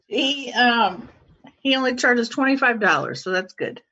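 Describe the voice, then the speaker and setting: Bright-voiced woman with dry jokes. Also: on the high side, slow, breathy edge, highs cut off. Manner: dry joking, deadpan sarcasm. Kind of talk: casual chat.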